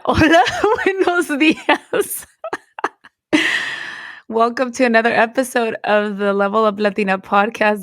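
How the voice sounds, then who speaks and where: A Mexican-American woman hosting a casual podcast, drifting between English and Spanish in a relaxed, chatty way. She sounds tired, her voice still recovering. The recording is dry and close. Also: mid-range voice, clear, resonant tone, dry recording. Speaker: podcast host.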